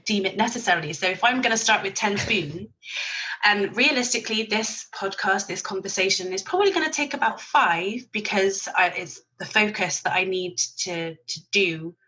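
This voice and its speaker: A woman's voice: mid-range voice, normal speed, pushed and bright, poor audio. Chatty blunt woman. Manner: chatty and blunt, sprinkles in mild swearing and laughs. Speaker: podcast guest, virtual assistant business owner. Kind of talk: casual podcast chat.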